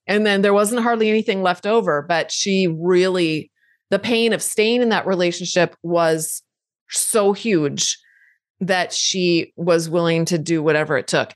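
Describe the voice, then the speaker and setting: A middle-aged woman with a lowish voice hosts a podcast, answering listener questions live in a direct, conversational advice style and repeating points emphatically. The audio is studio quality with no room sound.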